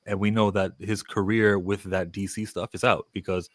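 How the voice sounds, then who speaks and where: A male caller on a live stream who rambles as he jokes, tripping over his words. His voice sits low, and the recording sounds dry and close. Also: level tone, moderate pace, dry recording. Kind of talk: joking call-in comment.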